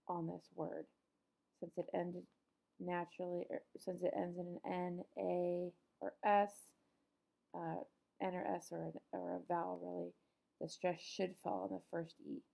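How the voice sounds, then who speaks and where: A middle-aged woman teacher talks through a recorded lesson in a patient, explanatory way, pausing often with ums. Her voice sits low and mellow, with a gravelly edge of fry. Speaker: Spanish teacher.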